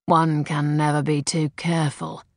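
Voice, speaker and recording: A woman voicing a wealthy, predatory man who speaks in a slow, low, smug drawl in an audiobook. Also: flat delivery, no echo, studio quality. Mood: smug, leering. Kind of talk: audiobook character voice.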